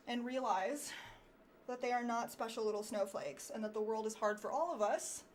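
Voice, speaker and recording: A woman livestreaming political commentary, reading chat aloud in a sarcastic, animated way and swearing freely. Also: on the high side, slight background noise.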